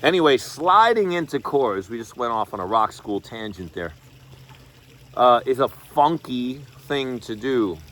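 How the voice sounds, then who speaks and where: A man gives a casual, talkative guitar lesson online from a home studio via video call, scatting out rhythms as he walks through chords. He speaks somewhat slowly at a medium pitch, with slight background noise and loud guitar playing beneath his voice.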